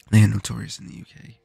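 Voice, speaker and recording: Gravelly-voiced young man ranting while gaming. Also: fairly low pitch, bright, forceful tone. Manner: swears often, ranting, halting restarts. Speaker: gaming streamer. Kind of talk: casual rant while gaming.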